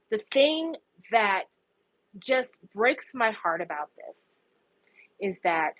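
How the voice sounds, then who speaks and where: A woman's voice: mid-range voice, no echo, lo-fi sound. A woman giving impassioned, profane casual commentary, her voice rising in anguished outbursts. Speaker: K-pop commentary vlogger.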